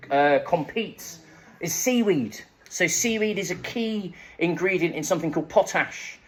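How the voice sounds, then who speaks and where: A young Englishman giving a comic local-history talk at a festival, chatty and self-mocking, with jokey asides to the audience. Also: a little high. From England. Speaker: festival speaker. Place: live event room with an audience.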